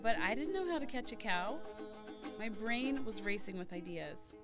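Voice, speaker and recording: A woman's voice: mid-range voice, lively intonation, moderate pace. A young woman narrating a personal story in an earnest, scripted way. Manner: earnest storytelling, shouting the quoted cries. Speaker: former volunteer telling a story. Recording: narration over loud music.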